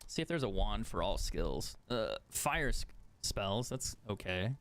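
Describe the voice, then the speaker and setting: A man's voice: on the low side, big pitch swings, a little slow, fairly bright tone. A man streaming a video game, chatting casually, swearing often and laughing at himself. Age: adult. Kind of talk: casual chat while gaming.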